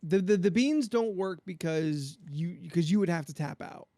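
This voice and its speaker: A man's voice: high-pitched, normal speed, dark tone, no room sound, studio quality. A man co-hosting a podcast, chatting casually with friends and steering the topics. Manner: rambling, restarts, leads topics. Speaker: podcast co-host. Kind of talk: casual group chat.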